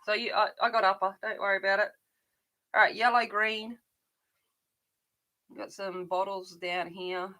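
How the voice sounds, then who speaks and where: A woman's voice: medium pitch, little pitch movement, normal speed, pauses often, bright, forceful tone. A middle-aged woman chatting casually while colouring, rambling along with frequent restarts. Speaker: adult colouring channel host.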